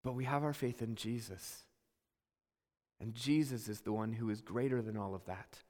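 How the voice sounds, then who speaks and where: A man preaching a sermon as pastor, earnest, dropping to soft low asides and rising to emphatic calls. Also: normal speed, big-room sound.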